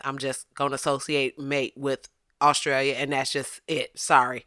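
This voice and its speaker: Animated and often laughing, this podcast host keeps the chat casual and comedic, putting on voices to quote others. The voice is mid-range at a moderate pace, captured as clean studio audio without room sound.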